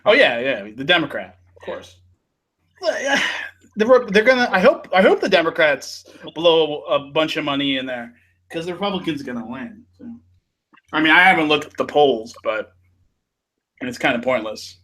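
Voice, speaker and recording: A man's voice: fairly high pitch, animated, normal speed, fairly bright tone, rough recording. A man hosting a casual talk show, joking and laughing often. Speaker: podcast host. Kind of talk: casual chat.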